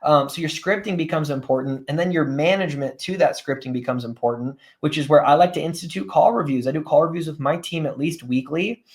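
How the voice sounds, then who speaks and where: A man teaching a live coaching session in a somewhat high-pitched voice. He speaks plainly and casually, leans on everyday examples, and keeps asking "right?" to pull his listeners along. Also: brisk, few pauses. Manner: conversational, often checks in with "right?" and "guys". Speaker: sales coach.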